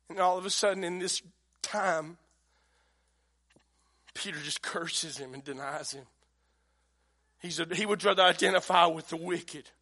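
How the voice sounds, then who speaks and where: A man's voice: high-pitched, bright, forceful tone. A middle-aged man preaching a sermon in a folksy, conversational way. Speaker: pastor.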